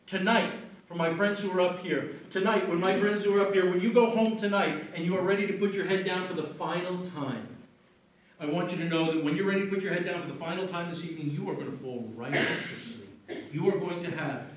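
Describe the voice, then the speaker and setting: A man working as a stage hypnotist, giving slow soothing suggestions and apologetic banter to volunteers. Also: high-pitched, steady tone, far from the mic, slight background noise. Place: live venue with audience. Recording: echoey room, taped from afar.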